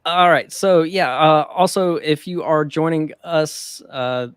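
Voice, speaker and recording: A man's voice: a little high, slow pace, smooth, no room sound. Chuckling man co-hosting, dry sound. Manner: chuckles often, loose and rambling with fillers. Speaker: podcast co-host. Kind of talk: casual chat about the stock market.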